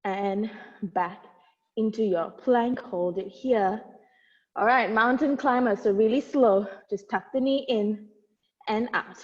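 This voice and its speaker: Fitness instructor, young woman, higher voice, counts reps while moving, earbud mic, dull sound with long reverb. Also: takes it slowly. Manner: encouraging cueing with counts, light laughs. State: out of breath at times while exercising. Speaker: barre instructor. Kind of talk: guiding an at-home workout class. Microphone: wireless earbuds.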